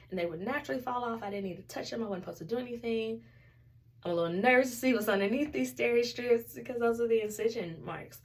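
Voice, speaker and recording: A woman's voice: fairly high pitch, quick pace, distant mic. A young woman casually telling a candid story in a vlog, acting out the other people in her story. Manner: chatty, candid, animated retelling with quoted dialogue. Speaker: vlogger.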